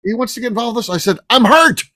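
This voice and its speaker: A man hosting a casual roundtable podcast, telling animated stories and swearing freely. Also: sits high, rapid-fire, no room sound. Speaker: podcast host.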